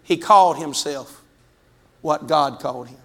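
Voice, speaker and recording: A man preaching a fervent Pentecostal sermon in a church, calling out to the congregation and rising to shouts. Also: on the high side, unhurried. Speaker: pastor. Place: church sanctuary.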